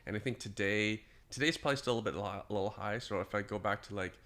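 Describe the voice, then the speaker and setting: A man's voice: on the low side, a bit bright. A man hosting a podcast, chatting casually and thinking aloud as he recalls figures. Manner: quick, casual, tentative with stats. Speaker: podcast host.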